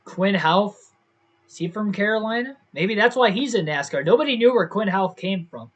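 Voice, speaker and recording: A man's voice: sits high, animated, normal speed, dull audio. A young man casually commentating his own livestream, thinking aloud and second-guessing himself as he talks to his viewers. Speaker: gaming livestreamer.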